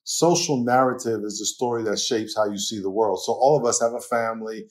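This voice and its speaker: An older man with a New York accent, a pastor and author talking as a podcast guest, animated and laughing often as he tells stories. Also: fairly low pitch, a little fast. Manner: animated storyteller, laughs often, slips into acted quotes. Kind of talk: conversational podcast interview.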